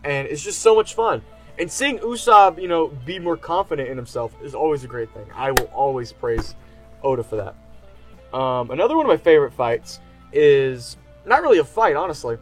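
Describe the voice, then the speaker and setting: Excited rambling man with soft music behind. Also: fairly high pitch, normal speed. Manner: enthusiastic, filler-heavy, rambling. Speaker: anime reviewer. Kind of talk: casual spoken review.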